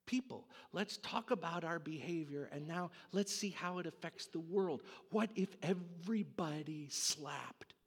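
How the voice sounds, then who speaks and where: A man preaching a sermon, telling a dramatic story in an animated way. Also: a little high, measured pace, few pauses, breathy edge, big-room sound. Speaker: pastor.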